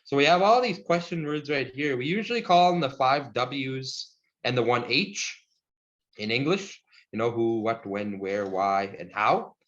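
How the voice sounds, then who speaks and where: A man teaching a language lesson over a video call, relaxed and encouraging, laughing often. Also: medium pitch, unhurried, muffled recording.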